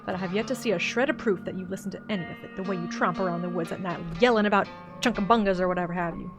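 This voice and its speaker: A woman voicing a stubborn, gruff old backwoods man with a put-on Southern accent in a voiced-over game, with folksy, grumbling speech. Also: on the low side, racing, music in the background, natural voice. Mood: grumpy. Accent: put-on generic Southern US.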